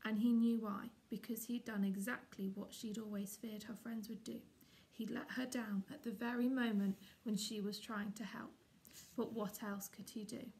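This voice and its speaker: A woman, a teacher, reading a children's chapter book aloud in a steady, expressive way. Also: fairly high pitch, normal speed. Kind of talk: storybook read-aloud.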